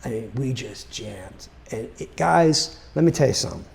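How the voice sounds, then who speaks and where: A man telling a story about his music career in a casual, animated way, full of fillers like "right?" and "you know". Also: mid-range voice, moderate pace, vocal fry. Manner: animated, chatty, with many fillers.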